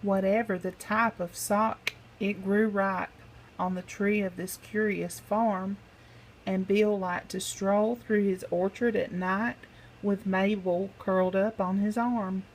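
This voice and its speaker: A woman reads a rhyming picture book aloud, taking her time over each line. Her pitch sits in the middle, and her delivery is rhythmic and sing-song. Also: steady tone, slow, rough recording. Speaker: storybook reader.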